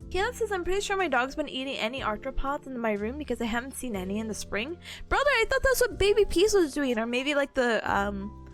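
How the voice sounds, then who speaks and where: A woman's voice: sits high, sing-song, fairly quick, faint music behind. A woman in her twenties chatting on a study stream at home on a desk mic, rambling and giggling through stories. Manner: bubbly, giggly, rambling storyteller. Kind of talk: casual study stream chat.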